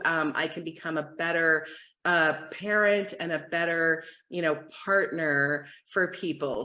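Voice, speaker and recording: Giggly middle-aged woman telling a story. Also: lowish voice. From United States. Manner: giggly and animated, lots of "like" and "right?". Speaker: coach. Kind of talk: livestream storytelling.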